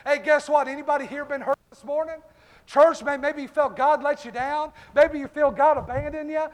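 Speaking at a normal speed in a steady tone, this pastor has an extremely high-pitched voice. He delivers a fervent, revival-style sermon in a church sanctuary, naming members of the congregation, all captured with the echo of the church hall.

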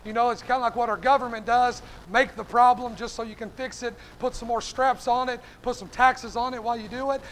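Male preacher, very high voice, fervent evening sermon, punctuates lines with "hey", calls out congregation members by name. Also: fairly even intonation, a little fast, hardly any pauses, a bit bright, a little hiss or hum. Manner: fervent, peppers phrases with "hey"; addresses listeners by name.

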